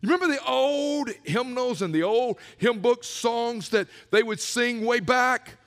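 A middle-aged male pastor preaching his personal testimony, telling it with animated swings from hushed asides to shouts. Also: very high-pitched, unhurried. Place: church sanctuary. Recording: long reverb of a large church hall.

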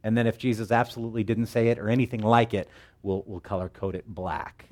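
A man preaching a sermon in an animated, joking way, acting out the voices he quotes. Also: on the low side, quick pace. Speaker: pastor.

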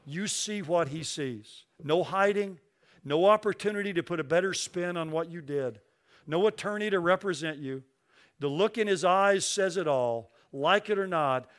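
A preacher delivering a sermon in a slightly high-pitched male voice. He reads scripture slowly, pressing hard on each key phrase, and explains it in a plain, conversational way. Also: a bit bright. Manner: slows down and stresses key phrases when reading scripture. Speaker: pastor.

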